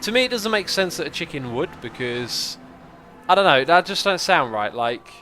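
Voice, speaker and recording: A man hosting a casual gameplay livestream, chatting, thinking out loud and answering viewer comments. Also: a little high, sing-song, moderate pace, background noise. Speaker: livestream host.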